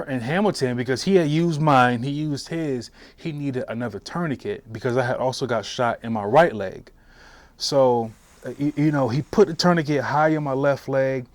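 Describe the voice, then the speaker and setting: Man, 40s, veteran, oral history interview, halting, restarts a lot, mid pitch, dry close sound. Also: no echo. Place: interview room.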